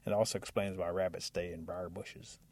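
Gravelly-voiced male storyteller. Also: sits low, fairly quick. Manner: relaxed, lively narration with occasional laughs. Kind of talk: oral folk tale telling.

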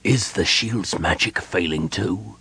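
A man's voice: deep voice, slow pace, gravelly, pushed and bright, breathy edge, heavily acted. A man voicing an anxious, demanding elven governor-general in an audiobook, insistent and questioning.

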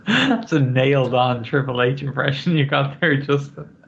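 A man hosting a podcast in casual chat, halting and wry, with many restarts. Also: medium pitch, expressive, gravelly. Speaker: podcast host. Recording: dull, lo-fi podcast mic with faint noise.

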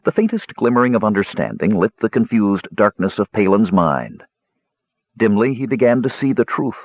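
Husky, expressive male narrator. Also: medium pitch, dry recording, highs cut off. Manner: expressive storytelling. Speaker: audiobook narrator. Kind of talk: scripted fantasy narration.

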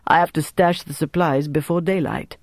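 A man voicing a gruff, blunt middle-aged French resistance leader in an audiobook. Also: a little high, steady tone, moderate pace, dry recording, clean studio sound. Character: gruff forty-year-old male French resistance leader.

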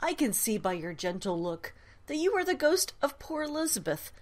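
A woman reading a storybook and voicing a kind, calm young man who speaks gently and unhurriedly. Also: high voice, moderate pace, pitched above the performer's own voice. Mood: gentle.

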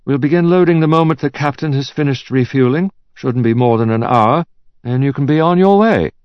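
A man voicing a brisk, efficient woman who is anxious to please, pitched well above his own voice. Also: no echo, dull audio, lightly acted. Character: brisk efficient woman handling airport transfers.

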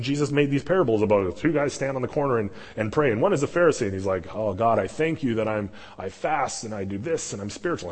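A man's voice: mid-range voice, a little mellow, slightly rough, in a large hall. A man preaching a sermon as pastor, talking in a loose, conversational way with restarts and emphatic stresses. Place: church sanctuary.

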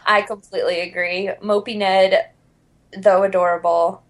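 A woman's voice: medium pitch, flat delivery, normal speed. Enthusiastic woman podcast host. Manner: enthusiastic, laughs often. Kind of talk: casual chat.

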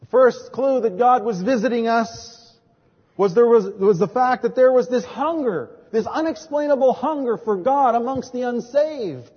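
Male preacher, earnest storyteller, high voice, muffled recording with a long church-hall reverb. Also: expressive, normal speed, husky. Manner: earnest storytelling, acts out quoted dialogue. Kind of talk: sermon.

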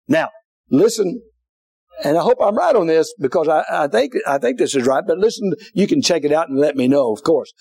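A man preaching a sermon in a church, dropping to a hush and then rising to shouts, with folksy asides to the congregation. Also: a little high, lively intonation, a little fast, creaky, slightly rough. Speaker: pastor. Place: church sanctuary.

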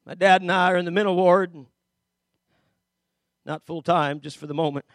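A man preaching a sermon as a story, swinging between shouted peaks and hushed low stretches, with many fillers and repeated starts. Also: steady tone, normal speed, no echo. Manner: dramatic, rises to shouts then drops low.

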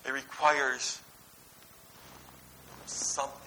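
A man in his thirties preaching a conversational sermon, telling family anecdotes and moving between lively and hushed delivery. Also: medium pitch, drawn-out words, poor audio.

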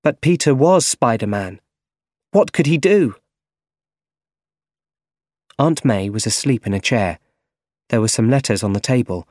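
A man narrating an easy-English story for learners, reading clearly and carefully. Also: medium pitch, lively intonation, unhurried, pauses often, a little mellow, no room sound, clean studio sound. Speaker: audiobook narrator.

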